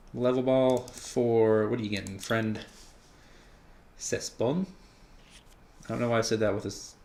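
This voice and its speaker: Male gameplay commentator, mid-range voice, relaxed and chatty, thinks out loud. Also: mid-range voice. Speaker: card game player commenting on his own match.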